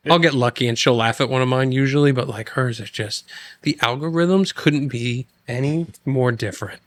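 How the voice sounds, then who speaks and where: A man's voice: mid-range voice, normal speed, dry recording. A man hosting a podcast in a studio, chatting casually and laughing often. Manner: laughs often, jokes about friends. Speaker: podcast host. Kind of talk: casual chat. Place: studio with mics and headsets.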